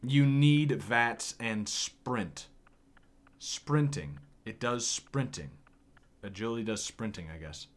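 A man's voice: medium pitch, slow pace. A man streaming a game, chatting casually with a wry, joking manner and easy laughs. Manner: wry, swears, laughs easily.

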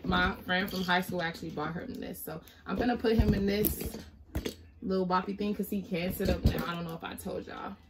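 A woman's voice: lowish voice, steady tone, fairly quick, very noisy. A young woman chatting casually to camera as a vlogger, often apologizing and talking to her baby while she looks through letters.

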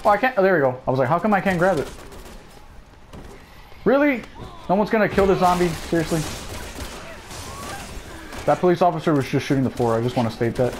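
High, lively man joking through gameplay. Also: a little fast, long pauses, a little hiss or hum, low-quality recording. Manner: joking, sarcastic running commentary. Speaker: gameplay commentator. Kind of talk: let's play commentary.

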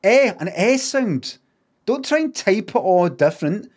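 Slow, sweary Glaswegian man. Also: high-pitched. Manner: animated, sweary, emphatic. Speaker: streamer. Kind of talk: casual live-stream chat.

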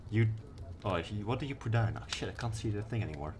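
A man's voice: lowish voice, animated, fast, darkish tone, soft background music. A young man doing casual let's-play commentary, laid-back, swearing now and then and reading game text aloud. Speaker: gaming streamer.

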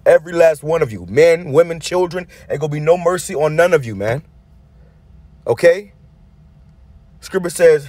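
A man's voice: a little high, moderate pace, darkish tone, no room sound. A man preaching in a heated, blunt, profane way, commenting on a news clip with frequent restarts and a repeated tag word. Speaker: street preacher. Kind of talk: angry sermon-style commentary on a news clip.

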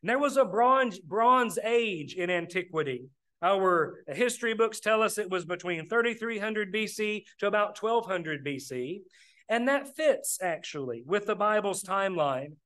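A man's voice: high-pitched, lively intonation, measured pace, a bit bright. A man preaching a sermon, plainspoken, often calling his listeners "brethren". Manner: plainspoken, addresses the congregation as brethren.

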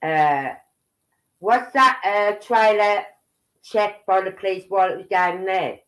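A woman's voice: medium pitch, slow, rough recording. A middle-aged woman from Birmingham with a Brummie accent, chatting rambly on a livestream and tagging her points with "right?". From Birmingham, England. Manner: chatty, rambling, keeps tagging "right?" and "you know what I mean". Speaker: livestream host. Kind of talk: casual livestream commentary.

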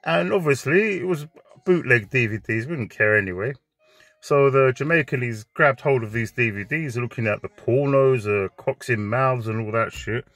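A man's voice: mid-range voice, moderate pace, a bit bright. A man telling a crude comic story in a chatty, joking way.

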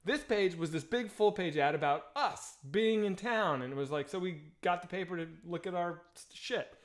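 A man co-hosting a casual streamed podcast, telling a long story in an animated way, full of fillers and swearing. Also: high voice, moderate pace. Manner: animated, lots of fillers and laughs, swears freely. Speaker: podcast co-host.

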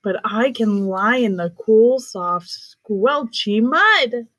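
A woman voicing a big, calm rhino in a storybook with a bright sing-song voice. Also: fairly high pitch, slow, exaggerated voice. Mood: relaxed.

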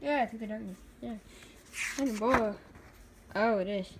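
A young woman chats slowly and loosely about her drawings, her voice sitting a little high. She giggles often, trails off mid-thought and pokes fun at herself. A faint hiss of room noise sits under the recording. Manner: giggly, rambling, self-deprecating. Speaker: artist showing drawings. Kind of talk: casual chat.

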